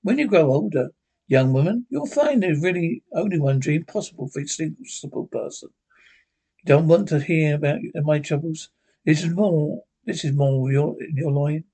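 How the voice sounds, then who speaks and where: A man's voice: on the high side, lively intonation, normal speed, dark tone, breathy edge. A man reading a horror story aloud, voicing a grave wandering man who speaks dryly, with a mocking edge. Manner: grave and dry.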